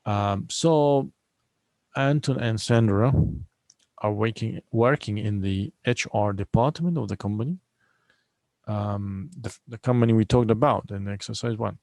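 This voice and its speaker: Male teacher, low gravelly voice, unhurried drilling delivery that repeats words syllable by syllable. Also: darkish tone, dry recording, rough recording. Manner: patient, repeats each word several times to drill pronunciation; breaks words into syllables and stresses them clearly. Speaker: English teacher. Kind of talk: recorded online lesson.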